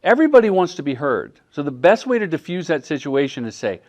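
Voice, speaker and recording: A commercial director in middle age leads a workshop at a film festival, taking questions from the audience at a quick pace. His pitch is lively, and he animatedly performs quoted dialogue in character voices.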